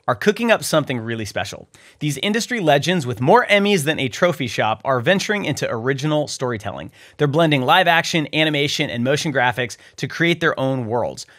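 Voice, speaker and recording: Lively, upbeat male news host. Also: a little high. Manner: upbeat, jokey, playful asides. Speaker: show host. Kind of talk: scripted news roundup.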